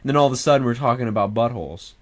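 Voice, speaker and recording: A man's voice: medium pitch, racing. A young man streaming, chatting casually in a rambling, profane way and laughing often.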